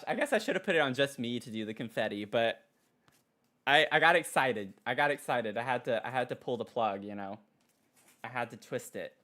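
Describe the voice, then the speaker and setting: A man streaming casually at his desk mic, excitable and giggly, cooing softly to his pet between thanks to viewers. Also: mid-range voice, normal speed. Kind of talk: casual live-stream chat. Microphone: desk microphone.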